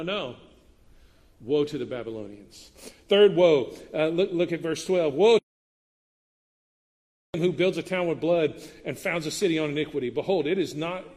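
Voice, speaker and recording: Guy preaching, kinda high voice, chatty and punchy, big reverby church hall. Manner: animated, conversational preaching with bursts of emphasis. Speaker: pastor. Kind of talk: sermon. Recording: long reverb of a large hall.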